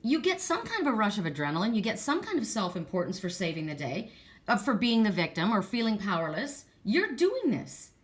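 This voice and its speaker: A middle-aged woman giving a casual oracle card reading, chatty and animated, telling stories and laughing as she talks. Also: mid-range voice, quick pace.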